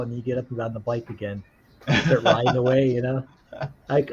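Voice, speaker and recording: A man with an average-pitched voice who laughs a lot and acts out kids' reactions while chatting. His audio is muffled with faint noise behind him. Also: fast, a little mellow. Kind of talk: casual chat.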